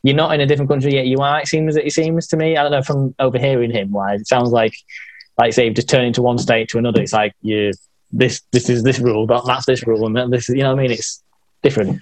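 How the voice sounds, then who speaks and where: A young man with a Yorkshire accent talks in a loose, rambling way, stopping often to reach for words with plenty of "like" and "uh". His voice sits at an ordinary middle pitch. The sound is close and dry, with no room around it. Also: flat delivery, fast talker, no echo. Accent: Yorkshire English. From England, Yorkshire. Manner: hesitant, rambling with many fillers and laughs. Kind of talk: casual chat.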